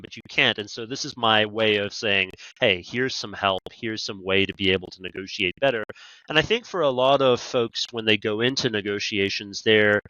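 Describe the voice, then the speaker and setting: A man's voice: lowish voice, fairly quick, sharp tone, dry recording, highs cut off. A man with a Canadian accent, a podcast guest talking about negotiation training in a conversational interview, telling stories animatedly with quoted asides.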